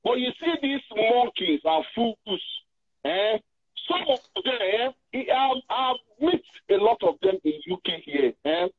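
A man's voice: very high-pitched, big pitch swings, a little slow. Indignant man on a tinny line. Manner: indignant, repetitive, rambling. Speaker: host. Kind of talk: heated opinion talk show.

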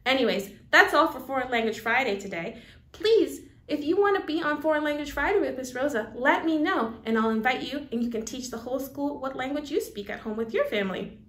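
A woman's voice: high-pitched, animated, brisk. A woman presenting a school news segment, teaching children words in an upbeat call-and-repeat style; Spanish is her first language. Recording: echoey room.

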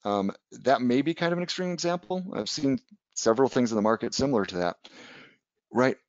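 A man's voice: mid-range voice, animated, brisk, no room sound, muffled recording. Man teaching trading, conversational. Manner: conversational, tags points with "right?", tells anecdotes. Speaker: trading educator. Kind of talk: casual webinar lecture.

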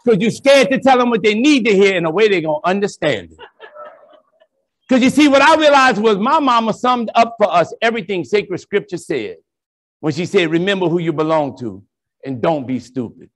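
A priest with a high-pitched voice delivers a storytelling keynote at a conference in a large ballroom. Animated and preacherly, he alternates bright, punchy lines with low, slow punchlines and acts out every voice he quotes.

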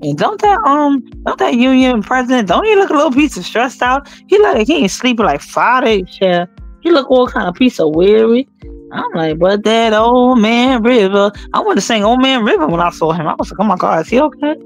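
A woman hosting a casual news commentary vlog, talking straight to her viewers in an animated, emphatic, slangy way. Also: a little high, a little fast, faint music behind. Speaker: channel host and news commentator.

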